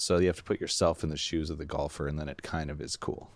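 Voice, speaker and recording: A man's voice: a bass voice, steady tone, fast talker, few pauses, no echo. A man co-hosting a podcast in casual chat, rambling and self-interrupting, acting out his own thoughts. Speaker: podcast co-host.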